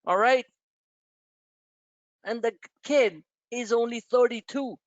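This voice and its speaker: A man with a very high-pitched voice speaks slowly while hosting a live stock-trading webinar, launching into a blunt, impassioned, emotional motivational rant with some swearing. The dull, dry lo-fi webinar audio carries a little hiss or hum.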